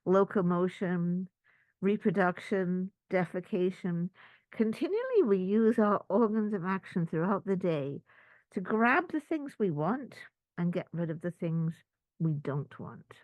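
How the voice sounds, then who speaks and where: A woman's voice: fairly low pitch, measured pace, no room sound, highs cut off. A woman spiritual teacher giving a talk to a group, telling stories and acting out little asides. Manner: storytelling with lively acted-out asides.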